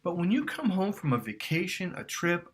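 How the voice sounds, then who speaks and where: Animated, emphatic male dating coach. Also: sits high, moderate pace. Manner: emphatic, swears, acts out quotes loudly.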